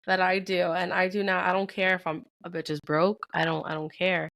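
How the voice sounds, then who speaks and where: A young woman co-hosting a casual podcast chat, telling lively stories and mimicking her husband with frequent laughs. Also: on the low side, a little fast, gravelly. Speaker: podcast co-host.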